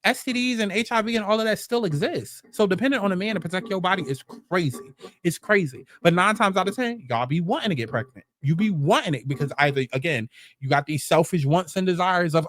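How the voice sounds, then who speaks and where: Male commentary host, higher voice, exasperated and sarcastic, swears freely, repeats lines for emphasis. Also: animated, fast, fairly bright tone, no room sound, clean studio sound. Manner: blunt, profane, repeats phrases for emphasis; exasperated, sarcastic rhetorical questions. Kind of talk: storytime commentary rant.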